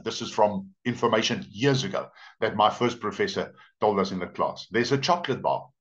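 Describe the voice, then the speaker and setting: The recording is a dull, lo-fi capture of a church service where a male pastor preaches. His sermon unfolds as a story, with expressive pitch movement and emphatic, drawn-out words.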